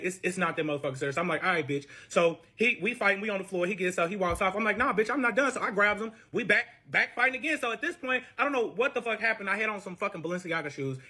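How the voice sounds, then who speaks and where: A young man telling a profane storytime, acting out both sides of his arguments in an animated voice. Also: high-pitched. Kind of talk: storytime chat.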